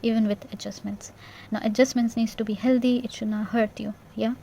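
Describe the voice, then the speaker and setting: A woman giving an intuitive tarot reading in a gentle, reassuring way, repeating herself and checking in with "yeah?". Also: fairly high pitch, flat delivery, a little fast, vocal fry, slight background noise. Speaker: tarot reader.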